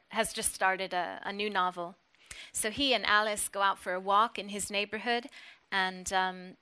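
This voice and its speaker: Woman reading a novel out to a class, measured and friendly, bright crisp voice. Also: medium pitch. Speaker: teacher reading a novel aloud. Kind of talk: reading aloud and discussing a novel.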